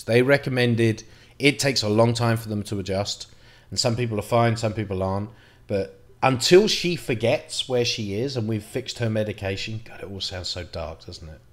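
A middle-aged man speaks in a mid-pitched, everyday voice, recounting a personal memory. He talks in a halting, reflective way, restarting sentences and dropping the odd curse. The delivery stays conversational and unpolished. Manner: reflective, halting, with frequent restarts and mild swearing. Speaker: vlogger. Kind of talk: personal storytelling to camera.

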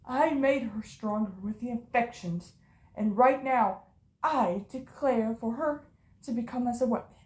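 A woman's voice: a little high, a little slow, darkish tone, roomy sound, close to an everyday voice. A woman doing a smug zebra mad scientist. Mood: scheming. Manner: smug, taunting. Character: gloating male zebra mad scientist villain. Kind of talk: fan audio drama.

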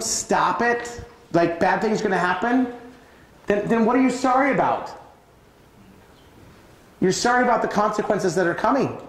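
Animated man preaching in a roomy hall. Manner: animated, swings pitch widely while acting out stories. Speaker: conference speaker. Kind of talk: preaching talk with personal stories. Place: church auditorium. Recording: roomy church hall sound.

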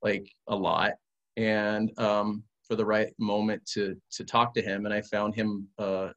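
Guy telling his story on a podcast, kinda low voice, keeps restarting sentences. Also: a little slow, highs cut off. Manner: animated, acts out quotes, frequent restarts. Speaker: guest. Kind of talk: casual testimony storytelling.

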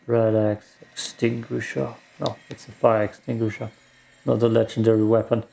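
A man mutters his way through a game in slow, casual commentary, with mild swearing here and there. His voice is heavily gravelly and dark, and faint music plays behind him. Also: medium pitch. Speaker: gaming streamer.

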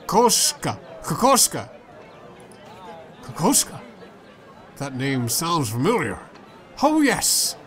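Slow, high-voiced man reading game lines. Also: fairly bright tone. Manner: playful, switches voices for characters. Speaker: let's play gamer. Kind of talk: reading game dialogue aloud.

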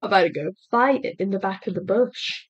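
A woman giving casual let's-play commentary, excitable and talking aloud to the animals in her game. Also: medium pitch, moderate pace, slightly rough, highs cut off. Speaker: gameplay streamer.

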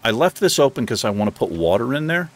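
A man casually narrating his own game as he plays, chatting to the animals and now and then jumping into high, excited bursts. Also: quick pace. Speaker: gaming host. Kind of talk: casual let's play commentary.

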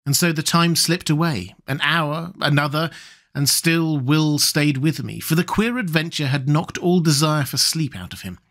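A man reading a horror short story aloud in a measured, steady storytelling voice. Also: fairly high pitch. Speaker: audiobook narrator. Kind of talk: scripted narration of a horror story.

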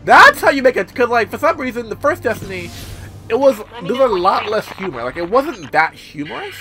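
A man giving casual let's-play commentary as he plays, excitable and swearing often with sudden outbursts. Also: extremely high pitch, fairly quick. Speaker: gameplay commentator. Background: game music.

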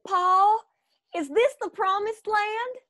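A tiny, timid farm girl in a comic stage play. Her voice is squeaky and extremely high, drawn out slowly with a bright, thin tone. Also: exaggerated voice.

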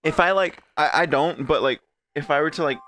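A man's voice: fairly high pitch, brisk, pushed and bright. A young man co-hosting a co-op gameplay video, bantering crudely and laughing often. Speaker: gaming co-host. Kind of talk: casual co-op gameplay commentary.

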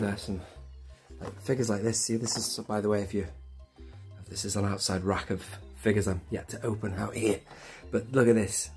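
An excitable, enthusiastic British man chatting casually in a home vlog, filmed indoors on a handheld camera with a gimbal. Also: medium pitch. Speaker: toy collector vlogger. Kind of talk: casual show-and-tell vlog.

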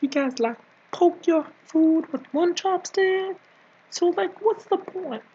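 Fully in character, a man makes his voice very high, slow and mellow to play a bossy comic nanny who rambles, scolds, teases and suddenly whispers. The audio is dull, and he's a video creator doing an improvised rant.

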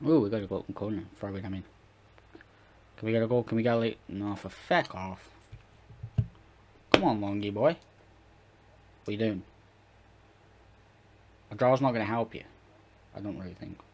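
A man commentating live on his football-management game, chatting to viewers and shouting and swearing at the match as it plays. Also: fairly low pitch, a little fast, long pauses. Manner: talks to viewers, chatty and rambling. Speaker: gaming YouTuber.

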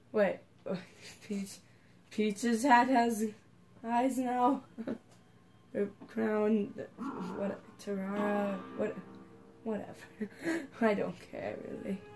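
A woman doing let's play commentary who giggles often and breaks into excited shouts. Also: medium pitch, extremely slow, long pauses, slight background noise. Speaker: gamer.

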